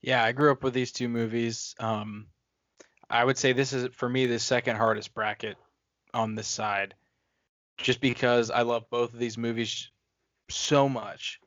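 A man's voice: mid-range voice, level tone, unhurried, fairly bright tone, dry recording. A man co-hosting a podcast, talking casually and bluntly about movies, swearing for emphasis. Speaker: podcast co-host. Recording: dry, dull lo-fi podcast audio.

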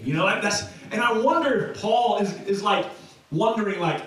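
In a church sanctuary, a pastor preaches a sermon in a loose, conversational style, with many restarts and fillers. His voice sits high and fairly bright at a moderate pace. The rough recording has heavy reverb and a distant mic.

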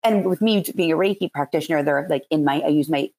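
A woman's voice: deep voice, fast, a little mellow. A woman with a Philadelphia accent, a Reiki practitioner chatting as a podcast guest in loose, rambling explanations. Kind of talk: casual interview chat.

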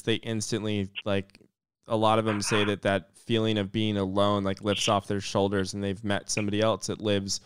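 A man's voice: fairly low pitch, a little hiss or hum. A man hosting an interview, asking loose questions packed with fillers. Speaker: host.

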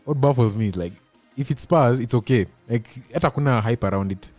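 A man's voice: medium pitch, fairly quick, darkish tone, dry recording, soft background music. A man from Kenya hosting a casual football podcast, mixing English with Swahili. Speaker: podcast host. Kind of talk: casual sports chat.

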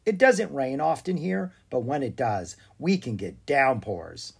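A storybook reader voicing a bold, brisk young girl who takes charge. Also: medium pitch, lively intonation, creaky, breathy edge, heavily acted. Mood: chatty. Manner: brisk, commanding. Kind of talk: storybook read-aloud.

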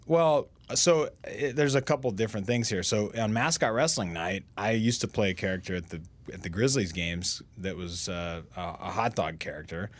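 A middle-aged man telling stories in a casual podcast chat, self-deprecating and halting, with many restarts. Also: lowish voice. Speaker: guest.

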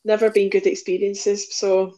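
A woman's voice: medium pitch, level tone, normal speed, dark tone, dull audio. A woman football fan chatting casually as a podcast guest, easygoing and laughing along. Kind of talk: casual chat.

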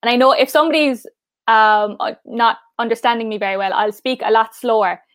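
A young woman from Cork with an Irish accent, chatting fast in an interview as a guest and often saying "like". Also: a little high, fairly bright tone, dry recording, studio quality. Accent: Irish, Cork mixed with Mayo. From Cork, Ireland. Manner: fast talker, says "like" often. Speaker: pageant finalist guest. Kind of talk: casual interview chat.

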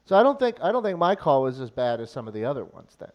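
A man's voice: mid-range voice, sing-song, quick pace, muffled recording. A man co-hosting a live radio show, chatting and teasing his colleagues. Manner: chatty, laughs easily, teasing. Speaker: radio co-host. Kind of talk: casual studio banter.

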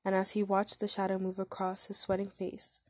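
A woman narrating a short story aloud in a measured, steady way. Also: medium pitch, dry recording.

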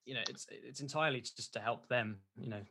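A young man chats casually and mostly goes along with his friend. His voice sounds bright, with a sharp edge. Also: mid-range voice, brisk, vocal fry, a little hiss or hum. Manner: agreeable, laughs along. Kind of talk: casual chat.

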